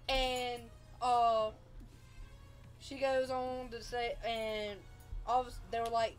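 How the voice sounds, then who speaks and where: Female livestreamer, higher voice, loose rambling storytelling over faint music. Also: fairly even intonation, unhurried. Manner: rambling, many fillers and restarts.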